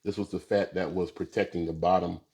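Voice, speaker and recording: Low, dark-voiced man at the grill. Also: fairly quick, gravelly. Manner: relaxed, talks to viewers with many fillers. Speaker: barbecue video host. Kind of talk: casual cooking demonstration.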